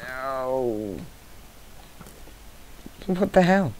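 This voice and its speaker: A man's voice: medium pitch, lively intonation, very slow, slight background noise, poor audio. A young man giving rambling let's play commentary, easily startled and chatting to the animals in the game. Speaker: gamer. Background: mouse clicking.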